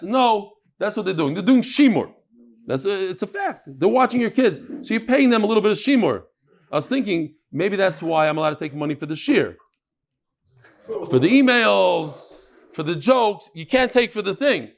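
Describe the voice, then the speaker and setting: A man leads a live Talmud class with a slightly high voice that swoops up and down. He banters with his listeners and drops Yiddish and Hebrew words into his explanations. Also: very animated, normal speed, gravelly. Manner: mixes Yiddish and Hebrew terms into his talk. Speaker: Talmud teacher.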